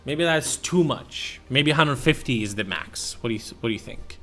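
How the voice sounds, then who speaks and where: A man's voice: medium pitch, expressive, moderate pace, fairly bright tone, faint music behind. A man casually thinking aloud as a streamer, slangy and profane, with sudden exclamations. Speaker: streamer browsing car listings. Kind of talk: casual live commentary.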